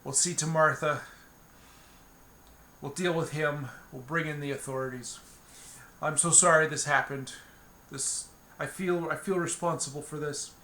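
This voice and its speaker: A man's voice: fairly high pitch, steady tone, measured pace, long pauses, sharp tone, roomy sound, slight background noise. A man voicing a frightened young woman who has just been freed from captivity, speaking breathlessly in a tabletop game. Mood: remorseful.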